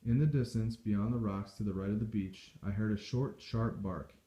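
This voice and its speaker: Man reading a novel aloud, low mellow voice, steady pace, echoey room. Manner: steady, measured storytelling. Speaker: audiobook reader. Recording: dull echoey home recording.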